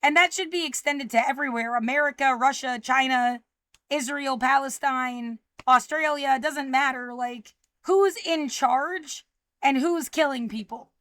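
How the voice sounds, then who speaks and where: An upset, frightened woman ranting and swearing, swinging between low muttering and loud outbursts. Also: measured pace, dry recording. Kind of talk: agitated personal video rant.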